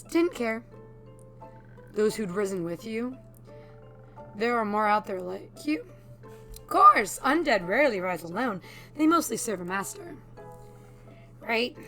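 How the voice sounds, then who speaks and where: A woman's voice: on the high side, sharp tone. A woman voicing an ancient, courteous undead male archivist in a plain voice with old-fashioned phrasing.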